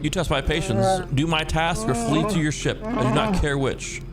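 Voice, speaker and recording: A haughty male Wookiee chieftain, as a man reads him aloud from a game, boastful and cold toward outsiders. The voice sits fairly high, with loud music playing under it. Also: normal speed, natural voice. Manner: pompous, boastful, dismissive. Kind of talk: reading game dialogue aloud in character.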